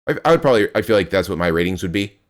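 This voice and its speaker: A man's voice: low-pitched, lively intonation, rapid-fire. A young man streaming a game live, chatting with his viewers in a rambling, playful way and grunting as he plays.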